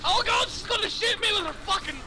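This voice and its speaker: High, excitable man yelling over a game. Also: quick pace, creaky. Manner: loud, crude, excitable outbursts. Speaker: gamer. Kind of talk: casual gaming chat.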